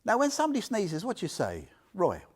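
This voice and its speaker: Speaking fast in a high, slightly rough voice, this Buddhist teacher gives a casual talk to a small gathering. He tells stories with lively energy, puts questions to his audience, and laughs a lot.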